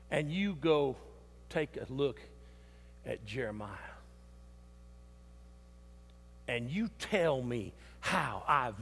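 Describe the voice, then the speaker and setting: A male preacher voicing God as a stern male figure who scolds him slowly and with command. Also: on the high side, sharp tone, voice pushed down, heavily acted. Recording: long church reverb.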